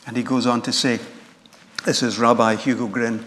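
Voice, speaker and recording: A man's voice: medium pitch, little pitch movement, a bit bright. Earnest male preacher in a ringing church. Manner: earnest, measured reading. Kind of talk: sermon. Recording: long church reverb.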